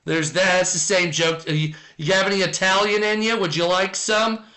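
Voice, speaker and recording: A man's voice: high-pitched, fairly even intonation, moderate pace, sharp tone. A man hosting a live stream in casual, rambling chat, with lots of fillers, while he reads out viewer comments.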